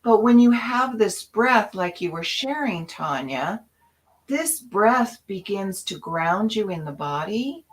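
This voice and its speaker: Woman, spiritual talk co-host, slow unhurried delivery, animated storytelling. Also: mid-range voice, low-quality recording. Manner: animated storyteller acting out her own past voices.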